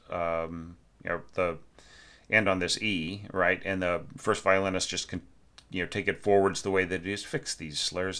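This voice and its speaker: A man's voice: deep voice, sharp tone. A man teaching orchestration, giving casual spoken feedback on a student's score and singing phrases aloud to show how they should sound. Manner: chatty and emphatic, sings phrases aloud to demonstrate.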